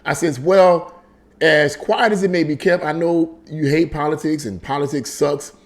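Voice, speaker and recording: A man's voice: on the high side, moderate pace. A man hosting a casual political commentary monologue, emphatic and conversational, repeating his points as he tells a story. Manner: animated storytelling with frequent repetition. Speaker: political commentary channel host.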